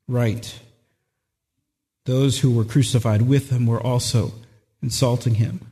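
A man's voice: high-pitched, animated, moderate pace, long reverb tail. A male pastor preaching an earnest, emphatic sermon and repeating words for stress.

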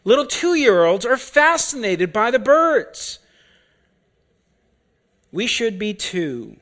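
A man preaching an expository sermon, deliberate and full of rhetorical questions. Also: very high-pitched, sing-song, fairly bright tone.

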